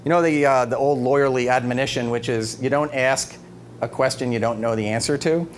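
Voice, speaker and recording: Animated middle-aged man telling funny stories. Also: mid-range voice, fairly quick. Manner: animated, laughs often, acts out quotes. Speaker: speaker giving an evening talk. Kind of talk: humorous storytelling speech. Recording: noisy live talk recording. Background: background noise.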